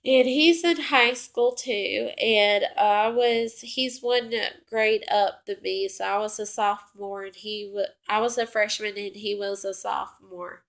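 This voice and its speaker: A woman's voice: mid-range voice, fairly even intonation, a little slow, gravelly, few pauses, fairly bright tone. A young woman casually telling a personal story, rambling with many fillers and self-corrections.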